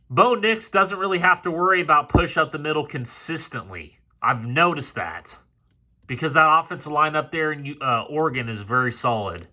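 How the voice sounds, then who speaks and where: Male film analyst, high bright voice, hot-headed and profane, breaking down game tape. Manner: excitable, profane, gets fired up.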